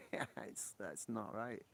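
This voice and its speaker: A man from Britain, hosting a casual livestream chat, laughing often and swearing in excitable outbursts. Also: fairly low pitch, vocal fry, breathy edge. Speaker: livestream host. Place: porch, outdoors.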